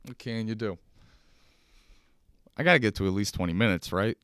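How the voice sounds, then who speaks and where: Low-voiced young man rambling profanely. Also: normal speed, long pauses, fairly bright tone, clear, resonant tone, no echo, clean studio sound. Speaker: podcast host. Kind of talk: casual solo podcast chat. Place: kitchen table at home.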